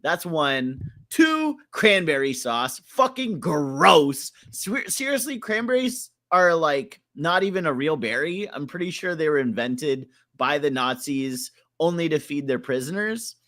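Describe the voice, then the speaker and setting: Animated, lively young man chatting. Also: on the high side. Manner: animated, joking, profane, quick bursts of laughter. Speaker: podcast co-host. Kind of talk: casual chat.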